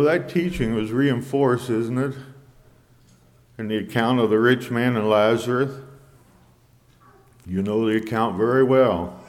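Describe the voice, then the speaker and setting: A man preaching a sermon in a measured way, quoting scripture in old English. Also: medium pitch, in a large hall.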